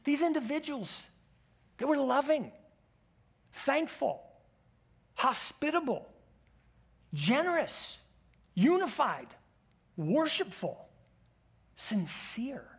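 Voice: high-pitched, big pitch swings, slow pace, long pauses. A preacher giving a sermon who walks listeners through an imagined story in the second person and presses them with direct questions. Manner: asks the congregation many direct questions.

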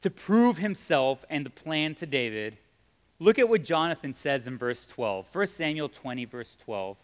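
A man's voice: a little high, big pitch swings, measured pace. A man preaching a sermon in a conversational, emphatic way, joking with his audience. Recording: long reverb of a hall.

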